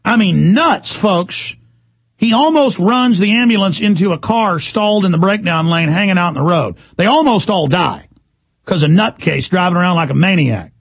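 Husky, high-pitched ranting radio host man. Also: expressive. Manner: angry, shouting, fast-talking tirade. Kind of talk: talk radio rant.

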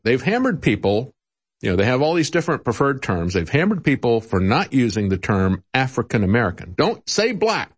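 A man hosting political commentary, talking in a sarcastic, mocking way with chuckles and many "uh" fillers. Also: on the low side. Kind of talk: opinionated radio-style commentary.

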